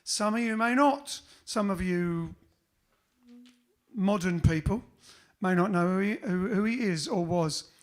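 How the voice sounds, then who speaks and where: A man's voice: high-pitched, measured pace. A man hosting a band livestream, chatting casually between songs with rambling, joking asides.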